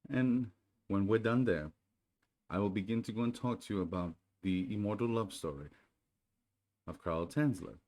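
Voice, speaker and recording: A man hosting his channel in casual chat, then reading a storybook aloud in a soothing, unhurried way. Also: on the low side, a little mellow. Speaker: channel host.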